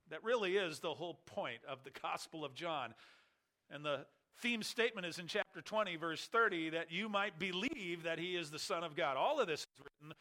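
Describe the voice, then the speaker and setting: Male pastor, slightly high and bright tone, emphatic expository preaching with deliberate repetition. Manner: emphatic, repeats key words, explains Greek terms. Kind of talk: expository sermon.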